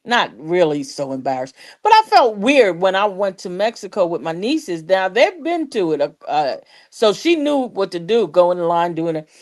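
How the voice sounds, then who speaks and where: A woman co-hosting a casual panel chat, telling stories in an animated way and acting out the other voices. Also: lowish voice, moderate pace. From United States. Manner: animated storyteller, acts out quotes, laughs often. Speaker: co-host.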